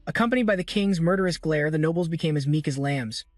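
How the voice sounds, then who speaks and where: A man giving brisk scripted recap narration of a fantasy story. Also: on the high side, dry recording, clean studio sound. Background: faint background music.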